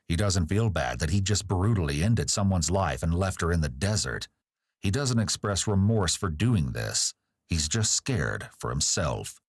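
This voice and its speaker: A man's voice: deep voice, dry recording, studio quality. A man giving scripted true-crime narration, analytical and critical as he picks apart a confession.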